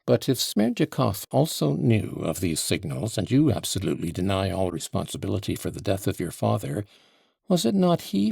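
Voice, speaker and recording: A man voicing a severe male prosecutor in an audiobook, with measured, probing questions. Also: fairly low pitch, creaky, mellow, breathy edge, no room sound, studio quality, heavily acted. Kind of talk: audiobook character voice.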